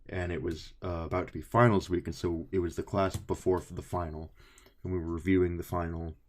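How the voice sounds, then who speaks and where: A young man with a very low voice co-hosts a casual podcast. He tells stories in a loose, animated way and swears freely. He keeps slipping into the voices of the people he quotes. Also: fairly quick. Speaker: podcast co-host. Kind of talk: casual chat.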